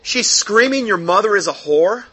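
A man's voice: high voice, lively intonation, normal speed, pushed and bright, breathy edge, no echo. A man reading a news article aloud and breaking off into heated, sarcastic commentary, with many fillers. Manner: reads aloud then breaks off into heated asides; frequent fillers and restarts, sarcastic mockery.

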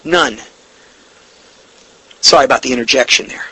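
Male Bible study teacher, slightly high husky voice, indignant and emphatic. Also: animated, bright, forceful tone, no echo, low-quality recording. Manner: preachy, indignant, reads quotes slowly and emphatically; sarcastic asides. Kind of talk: recorded Bible study lesson.

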